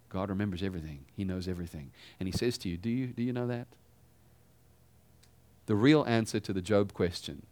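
A pastor giving a sermon in a conversational style, asking the congregation rhetorical questions. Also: male voice, low-pitched, darkish tone, dry recording.

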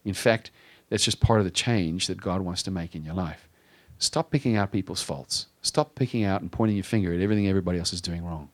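A pastor preaches a sermon conversationally and with self-deprecation, raising his pitch and volume for emphasis and slowing down on key phrases.

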